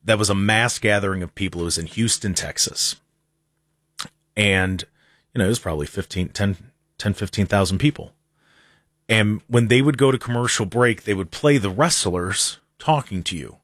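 A radio talk show host with a lowish, fairly bright voice chats casually at normal speed. He comes across as earnest, often repeating and restarting words, and the recording is dry and clean, studio quality.

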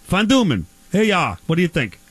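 Fast, high-voiced brash host. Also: male voice, huge pitch swings, a bit bright, husky, dry recording. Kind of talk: improvised comedy banter.

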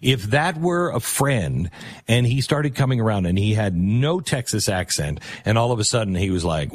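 A man's voice: lowish voice, animated, normal speed, husky, no room sound. A man hosting a talk radio show, delivering a sarcastic, rambling monologue.

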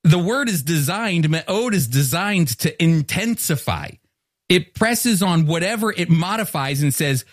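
A man's voice: fairly high pitch, very animated, takes it slowly, no echo, studio quality. A man giving a sermon-style Bible teaching, earnest and explanatory, often restarting words mid-thought.

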